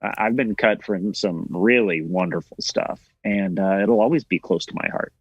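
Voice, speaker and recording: A man's voice: fairly low pitch, husky, no echo. Wry Southern man, dull dry audio. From Tennessee, US. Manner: wry, self-deprecating, drawn-out pauses. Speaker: actor guest. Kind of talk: casual video interview.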